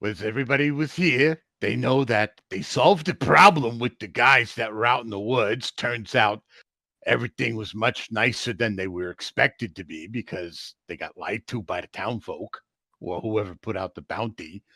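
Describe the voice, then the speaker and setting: A chatty, joking man recapping last week's tabletop session for the other players. His voice is gravelly and bright, and the recording is dry and close. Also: lowish voice, normal speed, no room sound. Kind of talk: casual game recap.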